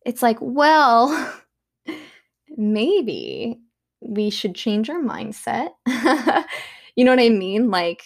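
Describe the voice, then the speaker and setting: A young woman at home talking casually about self-help, chatty and full of fillers, with soft laughs. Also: fairly high pitch, sing-song, drawn-out words, vocal fry, long pauses. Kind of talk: casual monologue.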